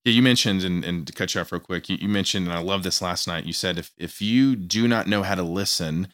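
A man's voice: low voice, brisk, fairly bright tone, dry recording. A man hosting a podcast in a small studio, interviewing a guest in casual chat, eager and often restarting his words. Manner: enthusiastic, repetitive restarts, stammering on words. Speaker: podcast host.

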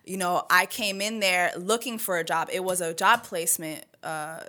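Young adult woman, talk-show guest, bright and forceful tone, frank storyteller. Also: on the low side, fairly even intonation, normal speed. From United States. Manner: frank, storytelling, slangy asides. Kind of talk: candid conversational storytelling.

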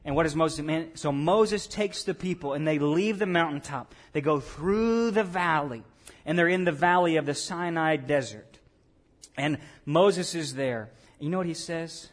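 A pastor preaching a sermon in a conversational way, tossing questions and asides to the congregation. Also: male voice, a little high, moderate pace.

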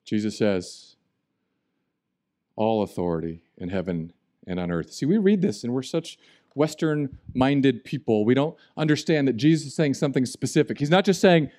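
A man preaching a sermon as pastor, animated and jokey, swinging between loud and quiet. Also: medium pitch, normal speed. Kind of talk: humorous sermon.

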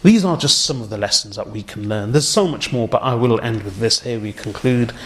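An earnest man preaching, his voice sitting at an ordinary pitch. He tells the story slowly and with feeling, slipping Arabic phrases in among his words and falling to a hush when the story turns moving. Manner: earnest storytelling, dropping to a hushed tone for moving moments; uses Arabic religious phrases. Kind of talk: sermon.

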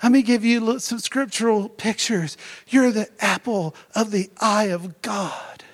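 A man delivers a sermon in a loose, conversational way, checking in with "right?" as he goes. His voice sits high and carries a gravelly edge. He swings from quiet asides to excited near-shouts. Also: a little slow. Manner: energetic, conversational, keeps asking "right?". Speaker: preacher.

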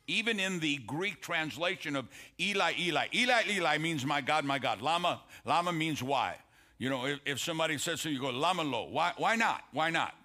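Man, pastor, sermon, bright tone, somewhat high voice, emphatic preaching. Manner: preaching, asks congregation "Amen?", quotes scripture with emphatic slowed phrases.

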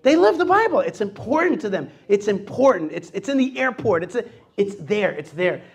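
A man talks as host of a radio show, telling stories with energy and acting out other people's lines. His voice sits fairly high for a man. He is middle-aged and casual. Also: moderate pace, vocal fry. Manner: animated storytelling, acts out quotes.

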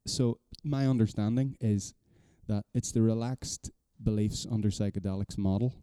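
A man's voice: lowish voice, moderate pace, warm tone, clean tone, no echo, studio quality. A man co-hosting a casual podcast chat, rambling and self-deprecating, swearing casually. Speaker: podcast co-host.

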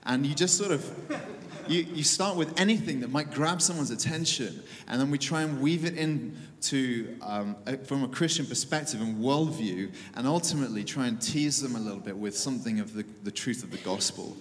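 A man's voice: medium pitch, normal speed, a little hiss or hum. Man speaking in an echoing hall. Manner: conversational, hesitant with fillers, dry humor. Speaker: church leader. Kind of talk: informal talk to an audience.

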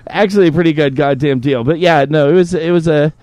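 A man in his fifties, a podcast co-host, telling profane, animated stories in casual banter. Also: on the high side, fast, no room sound. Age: 50s.

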